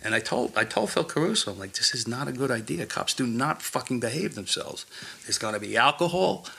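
A man's voice: medium pitch, big pitch swings, fairly quick, creaky, bright, forceful tone, slightly rough. A man, a former police officer telling blunt, profane stories in casual conversation. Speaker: retired police officer guest. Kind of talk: casual storytelling chat.

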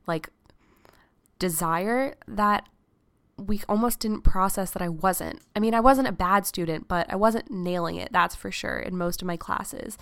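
An eighteen-year-old woman, hoarse from being sick, hosting a casual solo podcast in a chatty, reflective way. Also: medium pitch, moderate pace, hardly any pauses, no room sound, clean studio sound. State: hoarse from illness. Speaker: podcast host.

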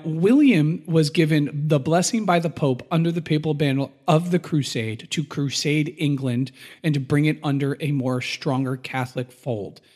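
A man co-hosting a relaxed podcast, walking through medieval history step by step. His voice sits a little high for a man, and he slips into quick quoted voices to make his points. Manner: explanatory, acts out voices in quotes. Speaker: podcast co-host. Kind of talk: casual history podcast chat.

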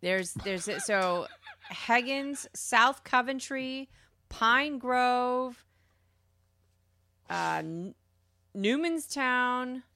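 Slow-talking woman co-host. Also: on the high side, expressive, sharp tone, dry recording. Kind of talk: casual chat.

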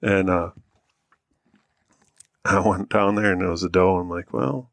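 American man, lowish voice, laid-back chat, dry studio sound. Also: fairly even intonation, a little slow, gravelly, no room sound. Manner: laid-back, easygoing storytelling. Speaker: podcast co-host. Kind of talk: casual chat.

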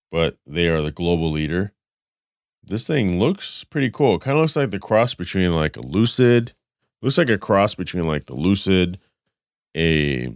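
Male car-podcast host, very low, congested and nasal, rambling reads, dry booth. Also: dry recording. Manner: rambling, self-correcting, reading stats then riffing. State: stuffed up, congested. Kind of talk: casual car news chat.

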